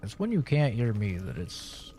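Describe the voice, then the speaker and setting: A man's voice: on the low side, very animated, moderate pace, noisy background. A young man streaming a horror game, chatting casually with a sarcastic, profane manner. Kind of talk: casual gaming commentary.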